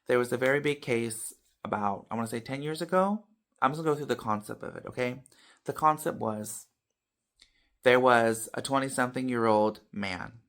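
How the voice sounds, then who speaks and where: A man vlogging casually to his viewers, telling a story with animated swings between loud and soft, tagging lines with "you know" and "okay.". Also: fairly low pitch, creaky. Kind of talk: casual talk to camera.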